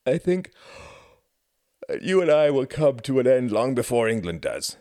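A reader voices a mild, tired husband who speaks gently and without hurry. His deep voice swings through lively rises, heard close and dry. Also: dry recording. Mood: musing. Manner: gentle, unhurried. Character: calm older husband, gentle and mildly weary.

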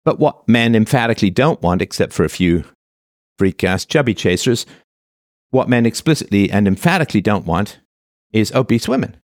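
A man's voice: fairly low pitch, animated, moderate pace, no echo, studio quality. A man delivering a monologue of commentary in a sarcastic manner, now and then mocking the voices of the people he quotes.

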